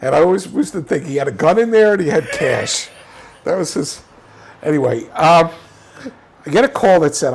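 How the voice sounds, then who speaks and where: A man telling a film anecdote in an interview, animated, with many restarts and repeated words. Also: a little high, normal speed, vocal fry, husky. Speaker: filmmaker guest. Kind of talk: casual storytelling interview.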